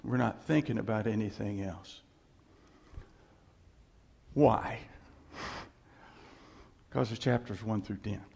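A man's voice: on the low side, slow pace, creaky, pauses often, a little mellow, husky, long reverb tail. A man preaching a sermon on scripture, emphatic and repetitive, asking the congregation for responses. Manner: emphatic, repeats phrases, calls for audience response.

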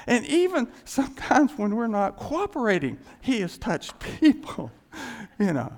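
An older man preaching a sermon and telling a folksy, animated personal story. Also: very high voice, measured pace, long reverb tail.

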